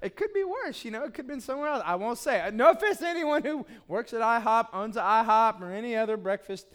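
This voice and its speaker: A middle-aged man preaching a sermon, telling family stories in an animated, playful way. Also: extremely high pitch, fast. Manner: animated storytelling, acts out scenes. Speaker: pastor.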